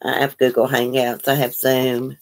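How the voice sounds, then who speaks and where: A woman's voice: a bass voice, level tone, moderate pace, slight background noise. A woman hosting a casual livestream, greeting viewers by name and chatting about their comments. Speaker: livestream host.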